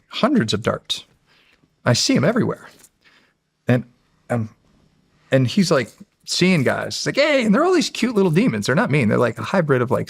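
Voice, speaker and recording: A middle-aged man from the United States tells a story in a casual, animated way and drops into voices as he goes. His voice has a gravelly, creaky texture at an ordinary male pitch. The sound is close and dry on a podcast mic. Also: dry recording. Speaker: podcast guest, former Navy SEAL.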